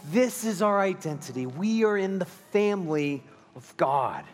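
Pastor preaching in a ringing hall. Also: male voice, high-pitched, very animated, unhurried, faint music behind. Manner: earnest, shifting between emphatic and quiet. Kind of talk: sermon.

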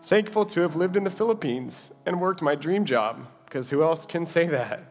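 A man's voice: a little high, expressive, moderate pace. A man preaching an earnest, personal sermon and leading a closing prayer in a church. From Dallas. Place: church sanctuary. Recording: reverberant hall with music behind.

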